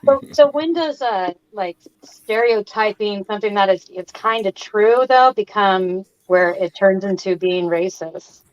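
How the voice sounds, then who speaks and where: A woman's voice: mid-range voice, unhurried, hardly any pauses, muffled recording. A woman in a casual group chat, asking curious questions.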